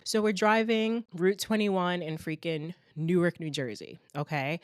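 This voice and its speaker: A young adult woman hosting a podcast alone, ranting in a blunt, animated and exasperated way, a little congested from a cold. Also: on the low side, measured pace, hardly any pauses, faint music behind. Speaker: podcast host. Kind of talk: solo ranting podcast monologue.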